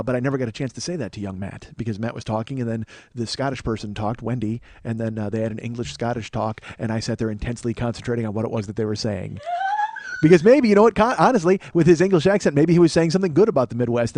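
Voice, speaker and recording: A man's voice: medium pitch, fast, a little mellow, no room sound. A man in his forties from Chicago, a podcast host riffing through a sarcastic, profane comedic monologue in a small studio.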